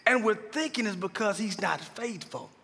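Shouting preacher with a bright, husky voice. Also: male voice, sits high, animated, normal speed. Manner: call-and-response preaching, building to shouted climaxes. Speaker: pastor and chaplain. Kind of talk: sermon. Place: large church hall. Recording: long hall reverb.

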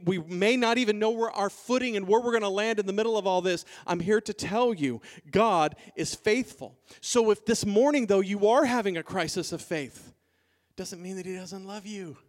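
A male pastor with a high voice preaches a sermon, moving from soft, quiet passages to loud, emphatic declarations. He calls out to the congregation along the way.

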